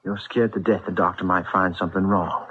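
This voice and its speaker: An actor playing a brooding, perceptive young man in his twenties in a radio drama, speaking earnestly and softly to his parents. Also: low-pitched, fairly even intonation, fairly quick, a little hiss or hum, close to an everyday voice. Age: 20s. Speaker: son, basketball star. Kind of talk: 1970s radio drama acting. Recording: lo-fi old radio broadcast.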